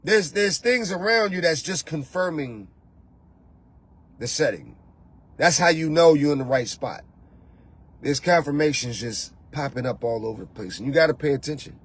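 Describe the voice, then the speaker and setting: Husky high-voiced man preaching. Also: normal speed. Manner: emphatic, preachy, repeats phrases; talks straight to the listener with rhetorical questions. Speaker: host and spiritual coach. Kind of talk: motivational monologue.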